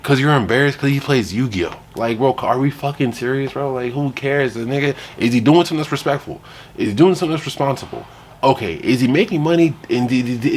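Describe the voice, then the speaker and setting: A man's voice: mid-range voice, slight background noise. A young man giving blunt, profane, laughing reaction commentary on a video. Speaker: reaction host.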